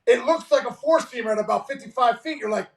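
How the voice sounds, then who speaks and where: A man with a very high, gravelly voice tells stories with excitable energy, cursing freely and tripping over his restarts. He sits a bit off the mic, and the room echoes around him. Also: fast, recorded from a distance. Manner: excitable, profane, stammering restarts. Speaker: guest, former ballplayer. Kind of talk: animated storytelling.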